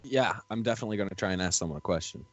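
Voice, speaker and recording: A man's voice: on the low side, rapid-fire, no room sound. A man playing a recruit in a tabletop role-play session, casual, playful and eager. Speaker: player.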